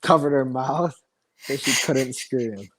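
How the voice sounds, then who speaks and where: A male podcast co-host rambles through anecdotes in casual chat, full of fillers and offhand swearing. He speaks slowly in a mid-range voice with a fairly bright tone, and the recording is rough but has no echo.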